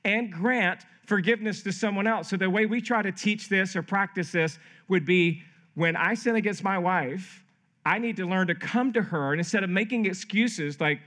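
Animated high-voiced pastor preaching. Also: male voice, normal speed. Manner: animated, acts out quoted voices. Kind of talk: sermon. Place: camp meeting hall.

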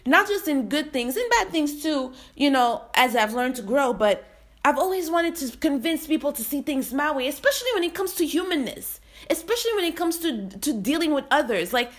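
A woman's voice: high-pitched, fairly bright tone. A young adult woman giving impassioned personal commentary, heated and blunt, swearing freely.

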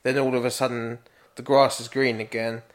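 Young male co-host, mid pitch, loose and sweary, rambling banter. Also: little pitch movement, normal speed. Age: young adult. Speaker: podcast co-host. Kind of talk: casual chat.

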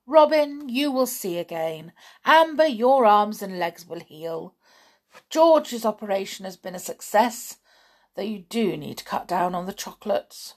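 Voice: mid-range voice, expressive, a little slow. Woman voicing an earnest, pleading boy. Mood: urgent. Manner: pleading and urgent. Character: earnest determined boy patient.

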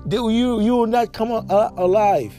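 A man's voice: high-pitched, normal speed, dark tone, soft background music. A Haitian man hosting his own podcast, talking in an emphatic, repetitive monologue full of restarts. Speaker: podcast host.

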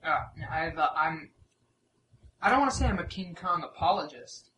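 An eager co-host of a casual movie podcast who jumps in often with agreement and opinions. The voice is at a middle pitch, with a little background noise. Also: expressive, bright, forceful tone, reverberant, poor audio. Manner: enthusiastic, quick to agree and chime in. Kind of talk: casual film discussion.

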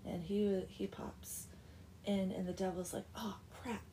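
A woman's voice: medium pitch, level tone, unhurried, mellow, slight background noise. Chatty woman retelling a tale wryly. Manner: chatty, wry asides, drops into whispers. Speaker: storyteller. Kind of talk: casual comic story retelling.

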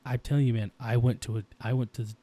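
A man's voice: mid-range voice, flat delivery, fast, warm tone, no room sound. A man in his thirties co-hosting a casual podcast, talking intensely about his daughters with frequent restarts. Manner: rambling, intense, restarts often. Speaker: podcast co-host.

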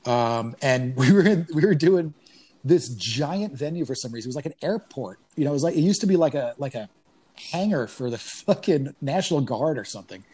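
A man casually telling stories from comedy tours, full of swearing and laughter, jumping up in pitch when he acts out what people said. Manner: profane, animated storytelling with laughs; acts out quoted voices in higher pitch. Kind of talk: casual podcast chat.

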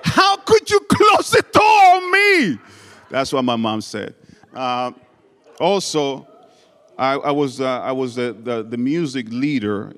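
A man giving a sermon to a congregation and telling personal stories with humor, speaking English with a non-native accent. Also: medium pitch. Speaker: guest preacher. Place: church hall before a congregation. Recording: long reverb of a large hall.

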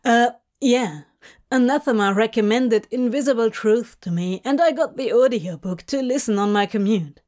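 A woman's voice: a little high, normal speed, darkish tone, close to an everyday voice. A woman reading a story aloud and voicing an awkward, flustered young man who mumbles and hesitates. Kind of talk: fanfic audiobook reading.

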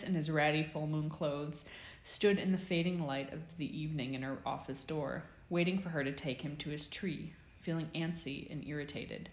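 Low-voiced woman reading a story. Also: a little mellow, roomy sound. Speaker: audiobook narrator. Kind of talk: fan fiction audiobook reading.

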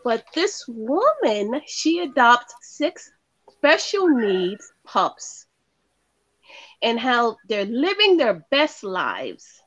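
A woman's voice: a little high, very animated, drawn-out words, a bit bright, rough recording. A woman co-hosting a pop culture podcast who chats casually, agrees readily, and laughs along with her partner. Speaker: podcast co-host. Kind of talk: casual chat.

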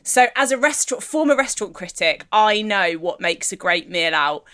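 A woman voicing a 1920s socialite ghost who was a chef and restaurant critic, speaking in a slow, poised, salesy way. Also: mid-range voice, animated, a bit bright, smooth, voice pushed down, natural voice.

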